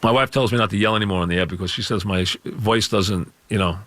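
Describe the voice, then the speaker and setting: A middle-aged man with a scratchy voice, hosting a call-in sports radio show and ranting loudly with lots of repetition. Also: on the low side, fast talker, no room sound. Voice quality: gravelly, scratchy voice. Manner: loud, emphatic, repeats points. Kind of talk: call-in talk radio rant. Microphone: studio microphone.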